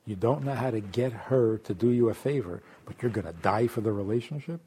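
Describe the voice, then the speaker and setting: A man teaching a Torah class, acting out imagined voices and laughing often, dropping to hushed asides and then rising loud. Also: fairly low pitch, fairly quick, husky. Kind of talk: lively spoken Torah class.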